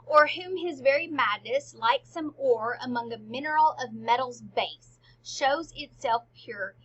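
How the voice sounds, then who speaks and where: A woman reading the lines of a distraught, frightened queen mother in a loud, emphatic voice. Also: high voice, measured pace, breathy edge, muffled recording, heavily acted.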